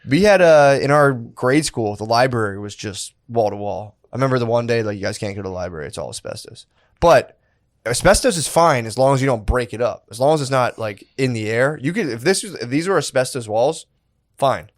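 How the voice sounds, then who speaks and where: A man's voice: medium pitch, expressive, brisk, no echo, clean studio sound. A man co-hosting a comedy podcast in a laid-back, joking way, tossing "dude" into his sentences and laughing often. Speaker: podcast co-host. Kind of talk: casual comedic banter.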